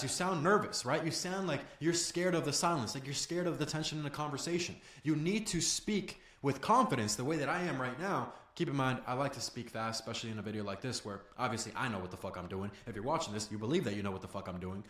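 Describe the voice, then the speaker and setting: A young man giving blunt, profane, fast-talking sales training, breaking into loud rants now and then. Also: mid-range voice, roomy sound. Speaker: sales coach.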